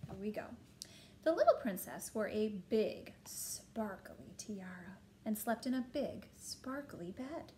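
A woman reading a children's picture book aloud to a child, gently stopping to point at pictures and ask questions. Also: medium pitch, sing-song, takes it slowly, slight background noise.

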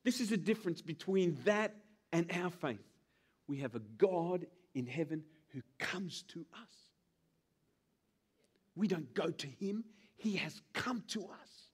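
A man's voice: high-pitched, a little slow, slightly rough. A male pastor preaching a sermon, acting out little scenes with voices. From Australia. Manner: animated, acts out scenes with put-on voices.

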